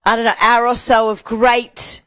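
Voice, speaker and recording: Woman, Australian accent, fairly high voice, dry teasing banter. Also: flat delivery, normal speed, a bit bright, clear, resonant tone. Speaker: co-host of a charity auction livestream. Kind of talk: casual chat.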